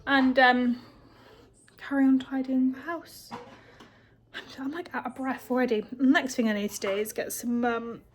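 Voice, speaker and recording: A tired woman chats away to her vlog camera at home. Her voice sits a little high and she rambles freely, filling pauses with ums. A faint hiss runs under her talk. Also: fairly even intonation. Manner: rambling, chatty, with many ums. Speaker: homemaker vlogger, mother. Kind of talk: casual vlog chat.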